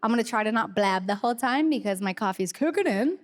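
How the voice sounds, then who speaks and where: A woman in her thirties co-hosting a live podcast on stage before an arena crowd, talking fast and excitedly, with many fillers. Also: fairly high pitch. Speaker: podcast co-host. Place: large arena, live audience.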